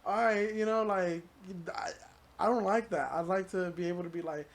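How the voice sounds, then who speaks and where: A young man as a podcast guest, chatting casually in a halting, rambling way full of "like" and "dude.". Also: sits high, fairly even intonation, vocal fry, a crowd in the background. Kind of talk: casual chat.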